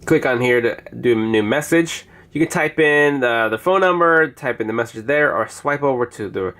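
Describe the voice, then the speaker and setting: Man, casual app review, chatty demo narration, middle pitch. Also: lively intonation, normal speed, fairly bright tone. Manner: chatty, demonstrating on screen.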